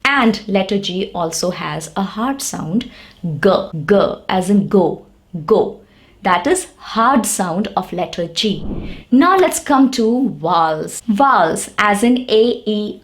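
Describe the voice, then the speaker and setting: A woman teaching an English lesson, explaining patiently step by step and repeating the example words. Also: mid-range voice.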